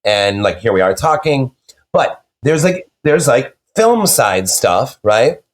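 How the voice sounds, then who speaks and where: Brief: male guest, mid-pitched, rambling casual talk, loose and unpolished. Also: big pitch swings, slow pace. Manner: rambling, many fillers and restarts. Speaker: guest, horror novelist. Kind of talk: casual interview chat.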